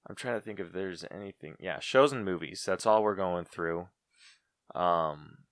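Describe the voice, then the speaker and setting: A man's voice: low voice, moderate pace, no echo, clean studio sound. A man co-hosting a podcast in casual chat, ranting with profanity and mockingly acting out movie lines. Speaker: podcast co-host.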